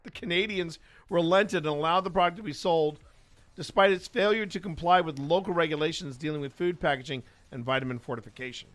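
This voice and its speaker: Here is a man hamming up a put-on Australian newsreader. He reads the news in an exaggerated, theatrical way. The voice is high and bright. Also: fairly quick, close to an everyday voice. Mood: mock-serious. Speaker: podcast host. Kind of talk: mock news reading.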